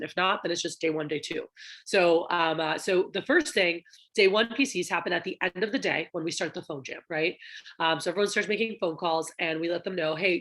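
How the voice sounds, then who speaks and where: A woman's voice: lowish voice, fairly bright tone. A young woman training managers in a casual, chatty way, filling her talk with ums and acting out the conversations she describes. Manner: chatty, many fillers, acts out quoted dialogue. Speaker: sales division trainer.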